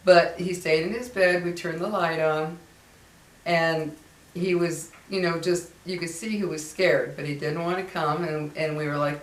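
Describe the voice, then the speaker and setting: A woman's voice: low voice, steady tone, moderate pace, recorded from a distance. Chatty middle-aged woman telling a ghost story. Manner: chatty, rambling, many fillers and restarts. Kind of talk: casual storytelling. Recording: roomy sound from away from the mic.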